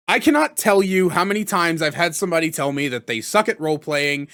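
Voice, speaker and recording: A man giving tabletop role-playing tips in a casual tutorial vlog, energetic and chatty, with offhand swearing. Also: high voice. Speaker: tabletop gaming content creator.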